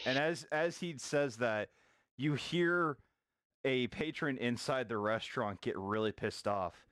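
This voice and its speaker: Slow, dry-voiced man narrating a game. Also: medium pitch, fairly bright tone, smooth, dry recording. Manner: unhurried, descriptive. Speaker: game master.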